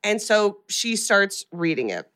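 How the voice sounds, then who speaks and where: A woman podcast host telling a story in casual chat, animated and full of filler words. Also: mid-range voice, measured pace, clear, resonant tone.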